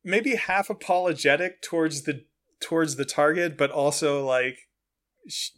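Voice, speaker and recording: A man's voice: a little high, unhurried, a bit bright. A man co-hosting a podcast, describing a scene in loose, filler-heavy chat. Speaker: podcast co-host. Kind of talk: casual recap chat.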